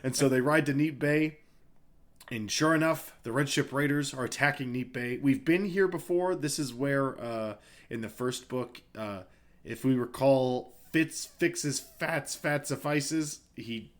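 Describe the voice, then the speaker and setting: A man talks through a plot on a podcast in a rambling, offhand way, leaning on filler words as he goes. His pitch sits right in the ordinary middle range for a man. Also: measured pace. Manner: rambling retelling full of uh and like. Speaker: podcast co-host. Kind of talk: casual book discussion.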